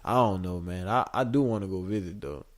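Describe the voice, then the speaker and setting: Animated man rambling on a podcast. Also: deep voice, a little fast. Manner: animated, rambling, laughs often, playful. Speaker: podcast co-host. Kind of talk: casual chat.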